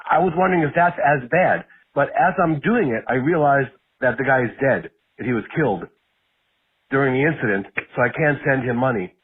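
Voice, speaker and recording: A man on a call-in line rambles hesitantly through his question. His voice is husky and mid-pitched. The sound is a thin phone line. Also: brisk. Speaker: caller.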